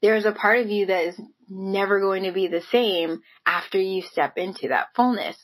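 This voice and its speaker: A woman with a medium-pitched voice talks at normal speed in a low-quality recording. Speaking to camera, she gives an earnest, encouraging motivational monologue, casually peppered with "like" and "right?" and light laughs between phrases.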